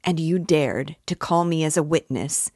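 A woman reading as an earnest young idealist, heated and insistent as he accuses someone to his face. The voice is low and dry, set close to the mic. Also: moderate pace, darkish tone, husky, no room sound. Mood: angry. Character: earnest, principled young man, hotly angry.

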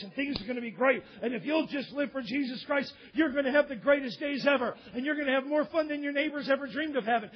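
A man preaching a sermon, telling a parable with acted-out voices and often shouting. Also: very high voice, lo-fi sound. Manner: animated storytelling, often shouting.

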